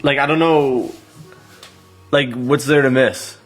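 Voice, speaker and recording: A man's voice: mid-range voice, fairly even intonation, slow, faint music behind. A man in his late twenties chatting casually on a live stream, thanking viewers by name as he goes. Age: 20s.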